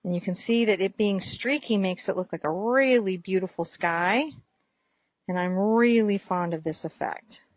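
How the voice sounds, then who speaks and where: A woman's voice: medium pitch, normal speed, dry recording. Encouraging woman teaching a painting lesson. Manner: gentle, encouraging, talks while painting. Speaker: art teacher.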